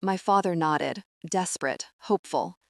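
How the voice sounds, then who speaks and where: Woman narrator, lowish voice, even measured delivery, dry close recording; scripted story read. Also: gravelly, no room sound.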